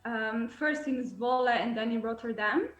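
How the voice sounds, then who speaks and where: A woman's voice: a little high, normal speed, faint music behind. Giggly Italian woman in an echoey room. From Italy. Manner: giggly, brief answers. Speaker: guest musician. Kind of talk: casual interview chat.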